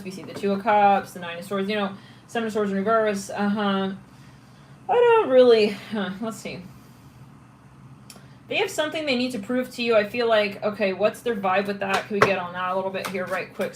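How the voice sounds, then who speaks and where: A woman's voice: medium pitch, expressive, fairly quick, slight background noise, poor audio. A woman giving a casual tarot reading, thinking aloud and chatting through the cards with frequent restarts. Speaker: tarot reader.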